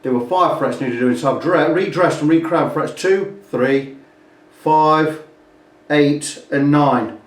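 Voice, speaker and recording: A man's voice: fairly high pitch, slow. Chatty man in an echoey workshop. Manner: rambling, chatty, fills gaps with "blah blah". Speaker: guitar repair technician. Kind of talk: casual workshop walkthrough. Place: repair workshop. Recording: roomy, distant workshop sound.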